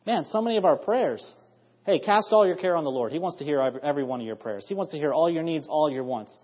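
A man's voice: on the high side, expressive, fast. A man in his thirties preaching an evening church sermon, earnest and rising to emphatic bursts of praise. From United States. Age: 30s. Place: church sanctuary. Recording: dull lo-fi audio in a reverberant church hall.

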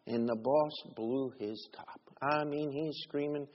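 A middle-aged man preaching a sermon, telling stories and moving between quiet asides and raised emphasis. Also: mid-range voice, moderate pace, few pauses. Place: church sanctuary. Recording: dull recording in a reverberant church.

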